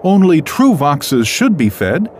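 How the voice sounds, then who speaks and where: A man's voice: a little high, very animated, takes it slowly, darkish tone, slight background noise, voice pushed up. A man voicing an anxious mother wolf with a raised, pleading voice. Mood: worried. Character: worried female wolf, a mother.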